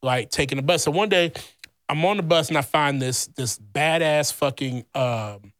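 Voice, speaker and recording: A man with a slightly high speaking voice tells a long personal story on a podcast, loose and rambling, with plenty of fillers. He is blunt and curses constantly as he gets worked up. The sound is close and dry, with no room around it. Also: normal speed, no echo. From Louisiana. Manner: heavy swearing, blunt and animated. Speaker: podcast host. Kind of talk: casual storytelling chat.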